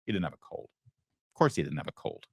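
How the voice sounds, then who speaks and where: A man's voice: sits low, big pitch swings, quick pace, slightly rough, no room sound, studio quality. A man hosting a talk show, giving emphatic opinionated commentary and asking rhetorical questions. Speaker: host.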